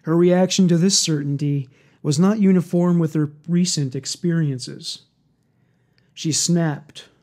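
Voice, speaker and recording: A man narrating a true-crime story in a steady, measured scripted read. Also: on the high side.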